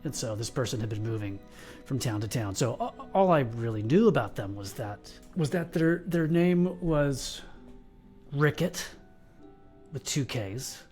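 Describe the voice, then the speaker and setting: A man playing a slow, burly bounty hunter, telling a long story in character at a tabletop game, with halting restarts. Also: mid-range voice, lively intonation, darkish tone, soft background music. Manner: rambling, halting delivery with restarts. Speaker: player.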